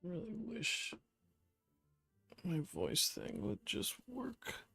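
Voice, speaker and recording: A streamer with a gravelly, husky voice who mutters very slowly and drowsily to themselves. The pitch swings widely between phrases, and faint music plays underneath. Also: huge pitch swings, pushed and bright, no echo. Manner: slow, drowsy muttering to himself. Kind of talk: late-night casual stream chat.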